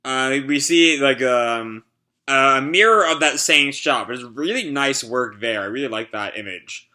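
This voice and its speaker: Young male YouTuber, bright tone, casual live reaction narration. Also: mid-range voice, expressive, measured pace. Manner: casual, filler-heavy narration. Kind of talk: live reading and reaction to a manga.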